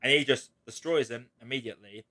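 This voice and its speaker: A man's voice: mid-range voice, quick pace, bright, forceful tone. A man hosting a casual spoiler chat, talking animatedly and acting out quotes in raised voices. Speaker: podcast host.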